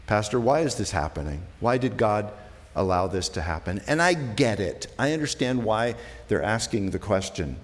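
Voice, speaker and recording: Pastor preaching in a reverberant hall. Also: male voice, fairly low pitch, lively intonation, moderate pace. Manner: conversational preaching, swings between soft and emphatic. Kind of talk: sermon.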